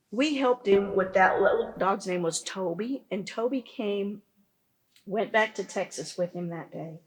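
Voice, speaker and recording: A woman's voice: mid-range voice, unhurried, husky. A woman, founder of a pet business, telling stories earnestly in a conversational interview, with frequent restarts.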